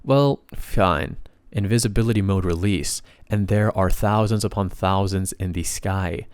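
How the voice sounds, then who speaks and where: A man's voice: sits low, unhurried, a little mellow, clean tone, dry recording, clean studio sound. A man voicing a cruel, gloating male hero who commands golems, speaking in a mocking, taunting way in a story recap.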